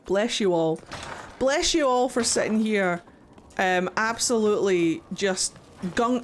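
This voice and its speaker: A young woman streaming a video game live, talking excitably to chat and swearing freely as she rants. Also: medium pitch, measured pace, long pauses. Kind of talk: live gameplay commentary.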